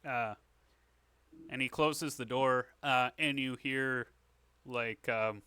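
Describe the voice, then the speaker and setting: A man's voice: mid-range voice, fairly even intonation, takes it slowly, pushed and bright, clean tone, no echo. A man narrating a tabletop game as game master, casual and self-correcting.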